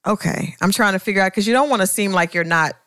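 A woman co-hosting a podcast, a writer, asking curious questions and chiming in with quick agreement. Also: medium pitch, fairly bright tone, smooth, no room sound, clean studio sound. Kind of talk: casual podcast chat.

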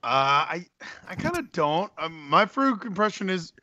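A man co-hosts a podcast in easygoing chat, playful and quick to mimic others. His voice is bright and a little high, and it swings widely in pitch. The recording is dry and close. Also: expressive, dry recording, highs cut off. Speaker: podcast co-host. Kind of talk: casual chat.

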